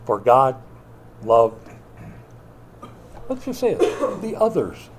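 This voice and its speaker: A man preaching a sermon as pastor, swinging between loud emphatic bursts and quiet asides, with a wry, joking touch. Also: medium pitch, wildly swooping pitch, slow pace, noisy background. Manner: wry, joking delivery with mock quotes.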